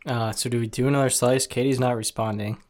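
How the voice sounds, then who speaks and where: A man's voice: mid-range voice, steady tone, quick pace, darkish tone. A man co-hosting a casual podcast, jokey and playful, swearing casually while eating pizza. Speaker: podcast co-host.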